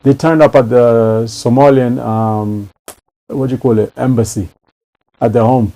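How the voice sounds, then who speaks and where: A man speaking in a mellow, dark voice at an ordinary pitch, talking in a relaxed conversational way. He is emphatic and often repeats his words for effect, like a host in a casual chat. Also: a little slow, low-quality recording.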